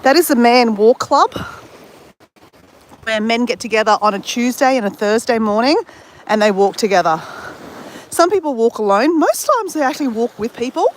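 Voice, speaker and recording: A woman's voice: on the high side, expressive, normal speed, long pauses. An Australian woman chatting to her live-stream viewers while she walks along a beach at sunrise. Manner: chatty, greets viewers, talks while walking. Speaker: livestream host. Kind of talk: casual live-stream chat while walking. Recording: faint outdoor background noise.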